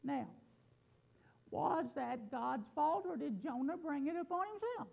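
A male preacher with a high, heavily gravelly voice delivers a sermon. He reads scripture emphatically and drops into folksy asides. The recording sounds dull and muffled. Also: expressive, a little slow.

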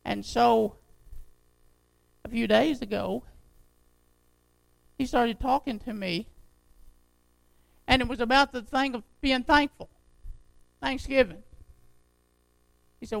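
An older man preaching a sermon to his church in a folksy, conversational way, his voice unsteady and jumping in pitch. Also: slow pace, vocal fry, long pauses, dry recording, low-quality recording. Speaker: pastor.

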